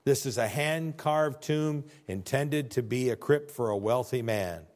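A man preaching a sermon and reading scripture aloud, swinging between quiet low musing and loud, emphatic, high-pitched preaching. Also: a little slow. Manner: reads scripture aloud in old-fashioned wording.

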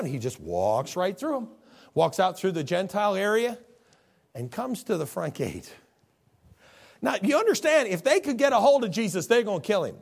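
A man preaching a sermon, animated, acting out scripture scenes with voices. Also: sits high, normal speed, creaky.

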